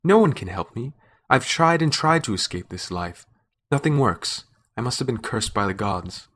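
Man voicing a bitter young woman, defiant, sharp-tongued, storybook reading. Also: on the low side, expressive, a little fast.

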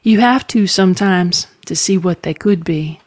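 A woman's voice: fairly low pitch, normal speed, no room sound, lightly acted. A woman voicing an anxious witch mother who speaks tartly and dryly. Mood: dry, tender. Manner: tart, dry remarks.

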